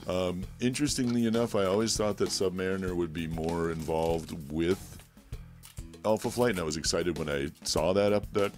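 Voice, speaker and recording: A man's voice: low-pitched, moderate pace, faint music behind. A man co-hosting a casual chat, rambling enthusiastically about old comic books with many fillers. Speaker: podcast co-host.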